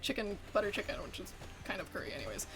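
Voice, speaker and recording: A woman's voice: medium pitch, sing-song, very fast, a bit bright, faint music behind. A woman streaming a game as a VTuber, chatting casually, giggling a lot and swearing freely. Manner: giggly, chatty, often breaks into laughter. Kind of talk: casual chat while gaming.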